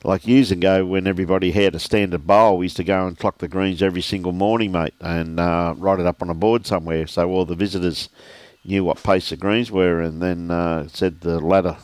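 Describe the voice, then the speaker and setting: A man's voice: low-pitched, fairly quick, few pauses, no echo. Older Australian man commentating lawn bowls. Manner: relaxed, chatty, greets viewers by name. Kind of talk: live sports commentary. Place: outdoor bowls club.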